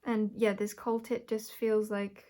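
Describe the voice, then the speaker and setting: A woman with a mid-pitched voice gives an intuitive tarot reading. She talks her way through it, stopping to rephrase and correct herself and breaking into small laughs. The pace is unhurried and reflective. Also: level tone. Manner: searching, self-correcting, thinks aloud with soft laughs. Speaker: tarot reader.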